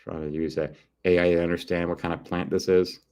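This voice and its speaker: A man's voice: deep voice, flat delivery, fairly quick, a little mellow, clear, resonant tone. A man streaming live and commenting casually on a football broadcast, rambling and cracking crude jokes. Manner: rambling, joking, crude asides.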